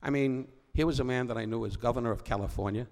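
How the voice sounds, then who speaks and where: Gravelly older New comedian. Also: male voice, medium pitch, fast, darkish tone. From New York. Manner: rambling, self-interrupting, wisecracking. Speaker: comedian guest. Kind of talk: on-stage storytelling conversation. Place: stage before a live audience.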